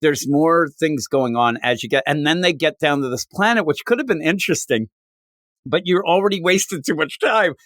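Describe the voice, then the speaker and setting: A man co-hosting a podcast, casually recapping a comic and acting out characters' lines in quick put-on voices. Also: a little high, fairly bright tone, no room sound, clean studio sound. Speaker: podcast co-host. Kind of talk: casual comic book chat.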